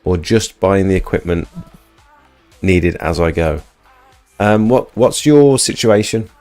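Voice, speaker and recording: A man's voice: deep voice, lively intonation, slow pace, darkish tone, no room sound, faint music behind. A man hosting a casual livestream, chatting and reading out viewer comments. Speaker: livestream host.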